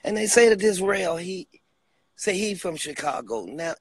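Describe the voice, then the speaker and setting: Husky-voiced man in a comic rant. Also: lively intonation, moderate pace. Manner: swings between loud bursts and low asides, preacher-like repeated appeals. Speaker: comedian.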